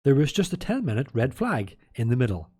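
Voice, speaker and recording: A man's voice: mid-range voice, sing-song, a little fast, dark tone, husky. A man casually commentating a sim race from home, chatty and rambling, a bit tipsy. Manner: chatty, rambling, restarts and jokes. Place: home room.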